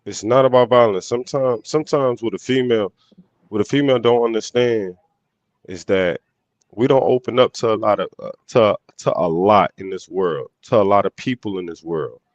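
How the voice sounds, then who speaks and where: A man's voice: lowish voice, moderate pace, dry recording, highs cut off. A man in a casual podcast debate, talking in street slang and often repeating and restarting his phrases.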